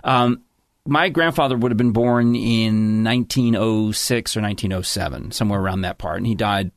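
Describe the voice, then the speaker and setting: A middle-aged man with a lowish voice tells a family story in casual conversation at a normal speed, with no echo. He rambles, often cutting himself off to restart his sentences.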